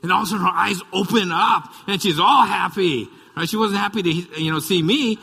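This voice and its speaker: A man from the United States delivers a sermon in an easy, story-telling way, full of asides to the congregation. His voice is bright and forward, pitched a little high. The sound rings with the long reverb of a church hall. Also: a little fast, gravelly, breathy edge. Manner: conversational storytelling with frequent asides. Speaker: pastor.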